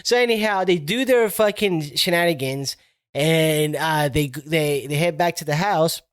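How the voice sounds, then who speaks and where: A man's voice: on the high side, unhurried, fairly bright tone, clean tone. A man co-hosting a podcast, retelling horror movie scenes in loose, profane slang and acting out the characters' lines. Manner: rambling, slangy, acts out quotes in raised voice. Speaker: podcast co-host. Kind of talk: casual profane chat.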